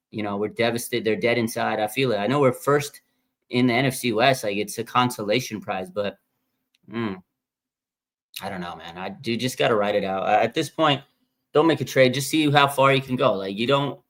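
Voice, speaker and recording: A man's voice: mid-range voice, fairly bright tone. A young man, a fan streamer, venting in a casual live-stream rant, repeating himself and calling out "man" and "dude".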